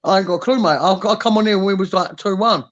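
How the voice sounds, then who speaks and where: A man's voice: high voice, fast talker, highs cut off. A man from the UK in casual, blunt banter, swearing freely as a podcast host. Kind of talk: casual chat.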